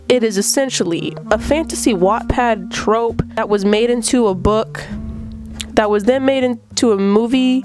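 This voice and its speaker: A video essayist with a fairly high voice gushes playfully and theatrically through a chatty video review. Still recovering from being sick, she has a slight vocal fry and roughness, while faint guitar music plays softly in the background.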